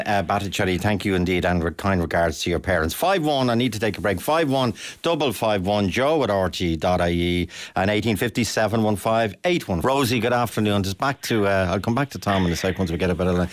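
A brisk Irish man hosts a radio phone-in from a studio mic. His voice sits a little low, and he cuts in on callers and restarts his questions. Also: dry recording.

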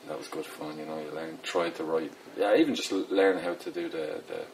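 Middle-aged Dublin poet, very low voice, casual and self-deprecating, noisy background. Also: male voice, steady tone, brisk. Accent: Dublin Irish. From Ireland. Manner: rambling, self-deprecating, many fillers. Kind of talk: casual interview talk.

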